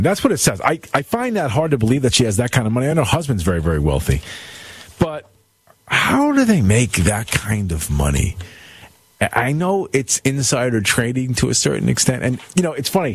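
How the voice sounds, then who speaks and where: Rambling talk radio host, dry sound. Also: male voice, on the low side, slightly rough, no echo. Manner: rambling, searching for words, many fillers. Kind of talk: casual rip-and-read talk.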